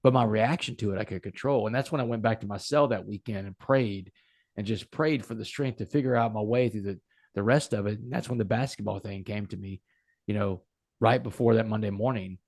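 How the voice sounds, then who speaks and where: A man with a gravelly, slightly rough voice speaks in an earnest, emphatic storytelling manner. His voice sits at a medium pitch and is recorded close and dry. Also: a little fast, darkish tone, no room sound. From United States. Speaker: guest. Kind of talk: storytelling in a podcast interview.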